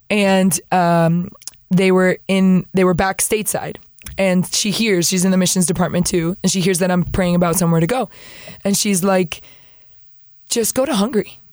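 Lively young woman telling a story. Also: fairly low pitch, normal speed, no room sound, clean studio sound. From Peru. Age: young adult. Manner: animated, acts out quoted voices, laughs often. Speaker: guest.

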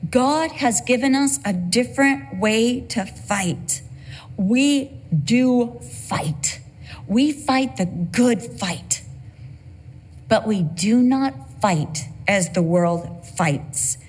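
Slow, husky-voiced woman preaching. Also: mid-range voice. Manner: earnest, emphatic preaching with repeated phrases. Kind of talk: sermon.

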